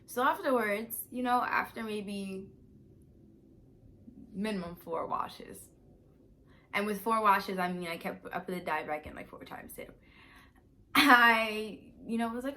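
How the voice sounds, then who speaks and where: A young woman vlogger telling a personal story in a casual, animated, emphatic way. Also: fairly low pitch, normal speed.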